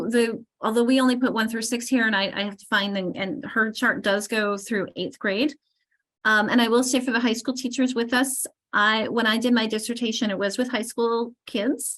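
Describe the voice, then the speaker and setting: Middle-aged woman running a teacher training, thinks out loud, restarts a lot. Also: on the high side, fairly even intonation, moderate pace. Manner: explanatory, thinks aloud with restarts. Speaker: literacy trainer.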